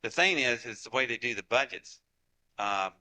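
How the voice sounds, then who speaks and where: A man's voice: mid-range voice, expressive, moderate pace, sharp tone, rough recording. A man in his forties from Ohio, telling a folksy story to an audience and acting out what people said. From Ohio, United States. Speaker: speaker giving a talk to an audience.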